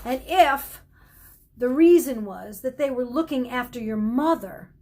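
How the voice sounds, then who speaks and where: Storybook boy, agitated and near tears, put on by a woman reader; fairly high voice. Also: expressive, unhurried, mellow, heavily acted. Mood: wound up. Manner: agitated, tearful outbursts. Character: miserable, excitable young boy.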